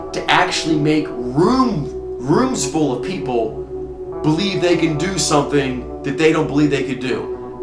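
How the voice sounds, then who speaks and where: Man with a higher voice, rambling explainer. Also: echoey room. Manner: rambling, with restarts and quick asides. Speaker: teacher of a personality system. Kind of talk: casual explanatory talk.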